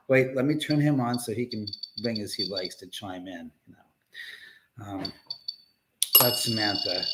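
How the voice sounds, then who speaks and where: A man's voice: mid-range voice, big pitch swings, takes it slowly, noisy background. A man hosting a live paranormal stream from a house said to be haunted, joking and swearing casually as he talks to the spirits.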